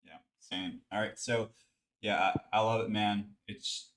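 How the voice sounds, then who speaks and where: A man hosting a podcast, talking casually with a guest and thanking him with relaxed, friendly backchannel remarks. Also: lowish voice, measured pace. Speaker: podcast host, veteran. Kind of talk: casual interview.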